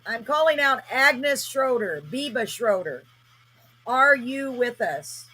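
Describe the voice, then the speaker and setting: A woman hosting a live spirit-box session, speaking a little above the usual pitch with a bright, forward tone. Her voice has a slightly husky edge. She talks earnestly and with feeling as she calls out to spirits directly. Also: expressive, takes it slowly, rough recording. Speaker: host.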